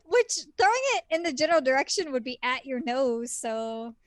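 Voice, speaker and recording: A woman guesting on a podcast chats casually, dropping quick, dry remarks. Her voice sits high, and it is recorded dry and close. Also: lively intonation, dry recording. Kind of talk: casual chat.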